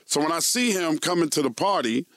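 A man, telling stories as a guest in a casual interview, animated and swearing freely. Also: on the high side, a little fast, no room sound. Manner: profane, animated storyteller. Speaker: guest, veteran radio and TV host.

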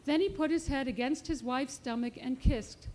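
A woman children's author reading her picture book aloud in a clear, expressive storybook manner. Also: high voice, moderate pace.

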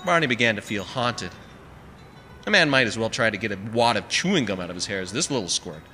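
Guy reading a story, wry and dry, lively pitch, long echo. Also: fast, slight background noise. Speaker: narrator. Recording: long reverb with faint music.

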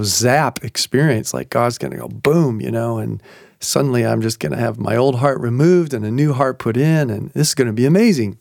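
A middle-aged man sharing an earnest devotional testimony, slowing down to quote scripture. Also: medium pitch, vocal fry, darkish tone, no echo, clean studio sound. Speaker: ministry leader sharing testimony. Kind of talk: personal testimony, devotional talk.

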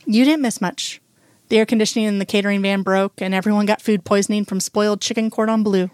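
A woman's voice: mid-range voice, fairly even intonation, quick pace, no room sound, close to an everyday voice. Brief: woman narrator doing a wry, hopeful guy in his thirties, self-deprecating, dry close sound. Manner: self-deprecating, gently joking.

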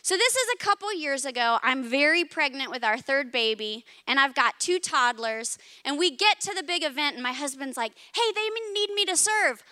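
A woman's voice: high voice, expressive, normal speed, few pauses, pushed and bright, no echo, clean studio sound. A woman in her thirties preaching a sermon, telling a personal story that builds to impassioned emphasis. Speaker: pastor.

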